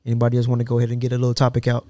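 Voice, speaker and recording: A man co-hosting a podcast in casual chat, slangy and quick to joke and laugh. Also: mid-range voice, completely flat delivery, mellow, no echo. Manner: joking, laughs often, slangy. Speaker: podcast co-host. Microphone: studio podcast mic.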